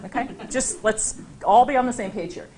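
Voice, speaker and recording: Speaking at a normal speed in a higher, darkish voice, a woman university lecturer presents a slide talk to a live audience in a lecture room. There's a little hiss or hum on the recording, and her conversational delivery is dotted with "right?" and "okay?" to keep her listeners with her.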